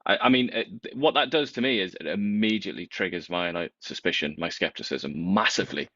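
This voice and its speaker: A man co-hosting a casual political chat, talking in an animated, wry way with big swings in pitch. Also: brisk, no echo, highs cut off.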